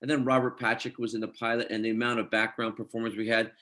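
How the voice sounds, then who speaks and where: A middle-aged Scottish actor speaks at a quick pace with medium pitch while being interviewed casually. His storytelling is animated, full of dialogue he quotes and acts out.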